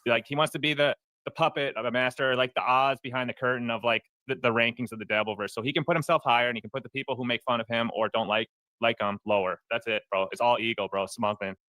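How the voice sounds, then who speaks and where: A man's voice: medium pitch, steady tone, fast, bright, forceful tone, no room sound. A man in casual chat, rambling and slangy, calling others bro.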